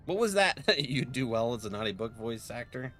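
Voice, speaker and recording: A man's voice: mid-range voice, very animated, normal speed, a bit bright, faint music behind. A young man streaming a game, chatting casually with viewers and laughing often. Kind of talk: casual live-stream chat.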